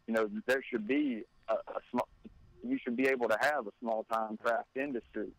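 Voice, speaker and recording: A man's voice: medium pitch, fairly even intonation, no room sound, low-quality recording. A man from North Carolina, a hemp advocate chatting on a podcast, who stops and repeats words as he works through his thoughts. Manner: halting, repeats words while thinking. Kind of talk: casual podcast chat.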